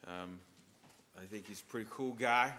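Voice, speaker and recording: Bright-voiced priest giving a lively sermon. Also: male voice, lowish voice, moderate pace. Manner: lively storytelling, emphatic.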